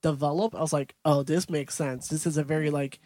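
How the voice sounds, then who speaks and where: A man's voice: on the high side, steady tone, fairly quick, darkish tone, dry recording. A young man co-hosting a movie podcast, recapping scenes in detail in casual chat. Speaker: podcast co-host.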